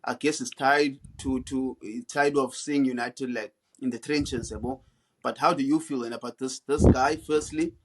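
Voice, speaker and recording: A man co-hosting a casual football podcast, relaxed and slangy, often halting mid-thought. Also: medium pitch, breathy edge, poor audio. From South Africa. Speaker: podcast co-host.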